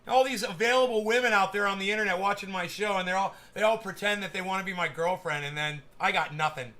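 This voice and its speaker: Streamer guy ranting, swears a ton, stumbles over words, high voice. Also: fast, hardly any pauses, sharp tone. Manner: profane, stammering repeats. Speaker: livestream host. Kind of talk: casual livestream rant.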